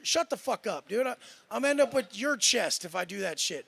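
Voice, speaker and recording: Brash, profane man on a panel, high-pitched and heavily gravelly, bright edge to the voice. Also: lively intonation, normal speed, dry recording. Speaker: panel guest. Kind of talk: heated podcast panel talk.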